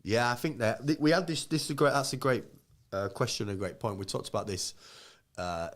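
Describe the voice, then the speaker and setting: A man in his thirties co-hosts a live podcast, speaking briskly in a medium-pitched, fairly bright voice. He chats casually and acts out quoted voices while telling stories.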